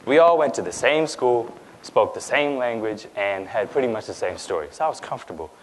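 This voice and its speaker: A man's voice: mid-range voice, lively intonation, a little fast, a little hiss or hum, poor audio. A young man from India who grew up in Dubai, giving a personal talk on stage in a conversational way, with frequent fillers and "right?" asides. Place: lecture stage.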